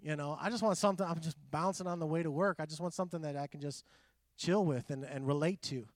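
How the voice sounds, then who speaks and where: A middle-aged man preaching a conversational sermon, animated and full of quoted asides. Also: a little high, fast talker, no room sound, studio quality. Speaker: pastor.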